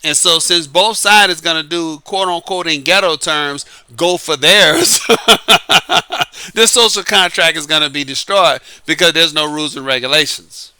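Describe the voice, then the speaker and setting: Chuckling between points he keeps repeating, a lightly Southern-accented New Orleans man gives casual, emphatic dating advice. He sounds on the high side and a little slow, his voice pushed and bright with a clean tone, in a dry recording.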